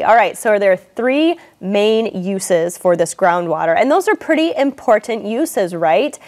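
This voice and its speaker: A woman hosting an English lesson, reading passages aloud and explaining them in a clear, measured way. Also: a little high.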